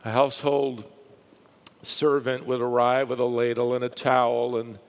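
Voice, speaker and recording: A man preaching a sermon, telling stories with lively rises and a hushed drop for the quiet parts. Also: mid-range voice, normal speed, clean tone. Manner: lively storytelling, dropping to a hush for quiet lines. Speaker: pastor. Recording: long hall reverb.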